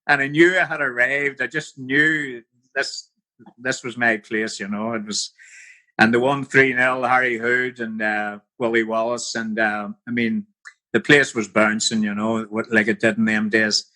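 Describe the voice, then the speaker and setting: A man's voice: mid-range voice, flat delivery, unhurried, sharp tone. A man in his sixties with a Northern Irish accent, a podcast guest telling vivid anecdotes in a casual interview. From Belfast.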